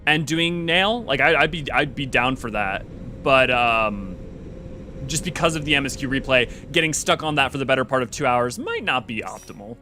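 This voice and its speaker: A man hosting a live game stream, chatting casually in an animated, rambling way with some swearing. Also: medium pitch, normal speed, faint music behind. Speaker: game streamer and lore host.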